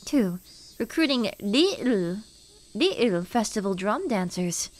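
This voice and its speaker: Formal announcer, put on by a woman, measured, reporter-style. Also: mid-range voice, very animated. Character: formal village notice announcer. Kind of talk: reading a notice in a reporter voice.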